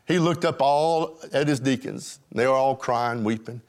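A man's voice: medium pitch, fairly even intonation, a little slow, few pauses. A man preaching a sermon as pastor, calling out questions to his congregation. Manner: emphatic preaching, calls out to the congregation.

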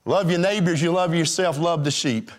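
A man's voice: on the high side, normal speed. A man preaching a sermon as pastor, calling out questions to his congregation. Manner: emphatic preaching, calls out to the congregation.

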